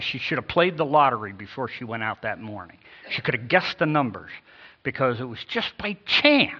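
A man's voice: mid-range voice, muffled recording. A man preaching a sermon, emphatic, repeating key phrases and reading scripture with inflection. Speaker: pastor.

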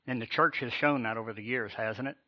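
A man delivering a sermon as pastor, emphatic, with slow dramatic pauses and rising swells. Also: mid-range voice, highs cut off.

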